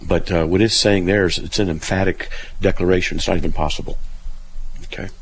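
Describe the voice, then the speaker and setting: A man with a very deep voice hosts a call-in Bible program. He reads scripture aloud and reasons it through step by step, and now and then slips in a dry joke. A faint background hum sits under his voice. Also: steady tone, brisk, rough recording. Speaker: radio Bible Q&A host. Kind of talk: call-in radio answering a caller.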